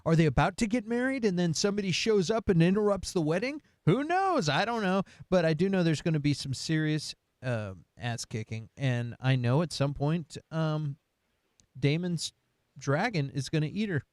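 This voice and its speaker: A man's voice: fairly high pitch, expressive, normal speed, dry recording, studio quality. A man co-hosting a casual pop-culture chat, rambling with many fillers and frequent laughs. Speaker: podcast co-host.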